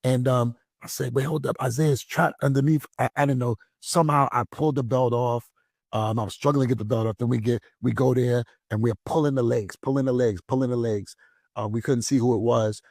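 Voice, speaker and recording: Animated male pastor telling a story. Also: medium pitch, a little fast, vocal fry, dry recording, studio quality. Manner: animated storytelling, acts out voices. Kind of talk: casual conversation.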